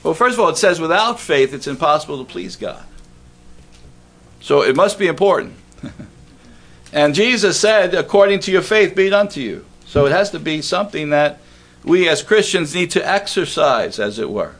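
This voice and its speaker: A man's voice: fairly high pitch, expressive, normal speed, fairly bright tone. A man preaching a sermon in a church, talking in a conversational way and asking the congregation questions.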